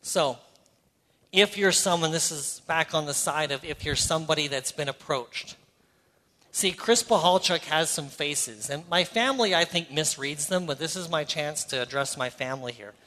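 A man's voice: on the high side, normal speed, sharp tone. A middle-aged Canadian man preaching a sermon, earnest and conversational with playful asides. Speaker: pastor. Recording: hall reverb.

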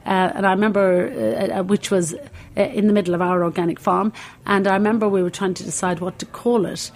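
A woman's voice: medium pitch, steady tone, brisk. A woman in her sixties with an Irish accent, the founder of a cooking school, telling long stories in a rambling way full of fillers and restarts. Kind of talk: reflective anecdotal storytelling.

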